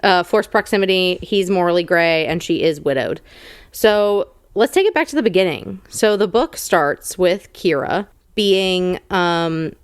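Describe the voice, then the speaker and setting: Low-voiced woman summarizing a book. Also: unhurried, clean tone, no echo, studio quality. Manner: brash, summarizing with fillers and crude jokes. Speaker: podcast co-host. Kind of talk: casual book club chat.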